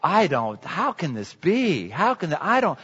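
A man voicing a baffled, doubting old male priest who stammers in a hushed voice. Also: on the high side, wildly swooping pitch, unhurried, slightly rough, exaggerated voice. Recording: echoey hall, dull sound.

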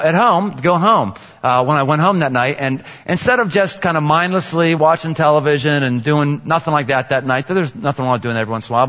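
A man preaching a sermon as a pastor, animated and joking, acting out little scenes and voices. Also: on the high side. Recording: dull sound with long hall reverb.

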